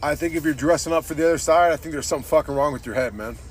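A man's voice: on the high side, racing. A man hosting a podcast, ranting casually and bluntly, swearing often and calling everyone "dude". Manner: profane, says "dude" constantly; blunt and opinionated. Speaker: podcast host.

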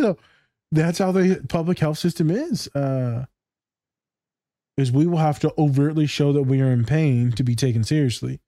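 Man, therapist co-host, casual podcast chat, candid and profane, mellow tone, dry close sound. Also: a little high, dry recording. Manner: candid, swearing, laughing, acts out quoted voices.

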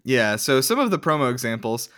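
A man talks through a loose podcast chat, piling on fillers and the odd swear word. His voice sits in an ordinary middle pitch. The sound is dry and close, with no room behind it. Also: sing-song, fairly quick, fairly bright tone, dry recording. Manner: rambling, filler-heavy, swears casually. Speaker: podcast co-host. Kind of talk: casual chat.

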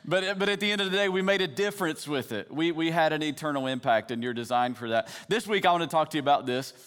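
A man's voice: a little high, fast talker, a bit bright, clear, resonant tone. A man in his thirties preaching a sermon as a pastor, conversational and building to passionate emphasis.

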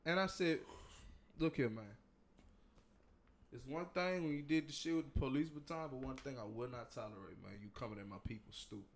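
A man telling a story in casual, profane chat, loud and animated, breaking into laughter. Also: medium pitch, brisk, a little hiss or hum. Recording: roomy echo.

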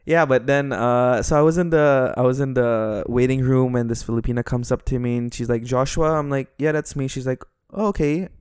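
Man with a smooth, dry voice. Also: mid-range voice, a little fast, hardly any pauses, darkish tone, no room sound. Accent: international Western English. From Dubai. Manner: dry joking, addresses listeners as guys. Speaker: podcast co-host. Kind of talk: casual chat.

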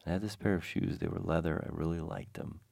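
A man's voice: rumbling low, fast, creaky, a little mellow, no echo, clean studio sound. A man telling a rambling personal anecdote with wry, self-deprecating humor and many digressions. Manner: digressive, frequent restarts.

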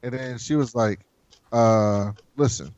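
A man's voice: medium pitch, slow, no echo, dull audio. Profane man recapping a show. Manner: animated, profane, acts out characters' lines. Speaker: podcast host. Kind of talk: casual show recap chat.

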